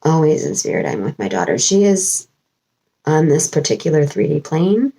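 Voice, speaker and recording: A woman's voice: low-pitched, very animated, normal speed, gravelly, mellow, slightly rough, low-quality recording. A woman talking as a spiritual channeler in a rambling home vlog, wandering with many fillers and restarts. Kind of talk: casual spiritual vlog monologue.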